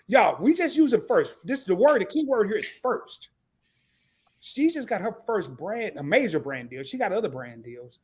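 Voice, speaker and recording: Lively, high-voiced man hosting a live stream. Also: slightly rough. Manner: animated, loud and laughing, slangy. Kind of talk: casual live stream chat.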